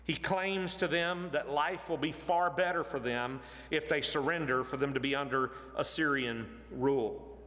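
Emphatic male preacher in a reverberant hall. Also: moderate pace. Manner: animated, emphatic, rising in pitch to stress points. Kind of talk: expository sermon.

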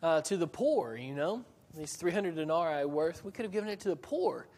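A man's voice: fairly high pitch, expressive, fairly quick, a little mellow, in a large hall. A man voicing an indignant, self-righteous male disciple in a whiny, raised protest.

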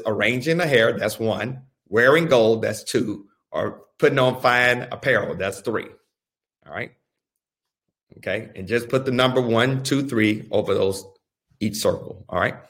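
Slow, deliberate preacher man. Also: medium pitch, a bit bright. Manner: slow, deliberate, repeats phrases for emphasis. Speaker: pastor. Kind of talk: teaching a Bible study.

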